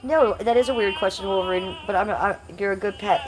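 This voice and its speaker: A woman's voice: medium pitch, fairly even intonation, fast, music in the background. A woman hosting a casual livestream, reading chat comments aloud in a brash, crude and playful way. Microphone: phone.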